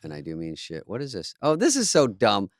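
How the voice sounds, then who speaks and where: A man's voice: lowish voice, wildly swooping pitch, a little fast, no echo, studio quality. A man co-hosting a podcast in casual chat, telling stories in a sarcastic, swearing way. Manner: sarcastic storyteller, swears freely. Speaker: podcast co-host.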